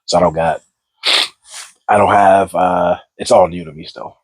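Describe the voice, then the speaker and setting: A man's voice: deep voice, big pitch swings, normal speed, gravelly, a little mellow, no room sound, rough recording. A man who served as a Marine, talking in a plain, hesitant way on a casual podcast. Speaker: podcast guest, former Marine. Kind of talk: casual chat.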